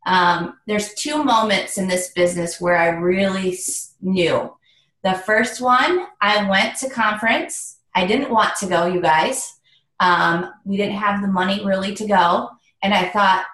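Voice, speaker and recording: A woman's voice: mid-range voice, unhurried, fairly bright tone, reverberant, rough recording. A woman leading a sales training on a video call, upbeat and motivational, often speaking to her listeners as "you guys.". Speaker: direct sales team leader.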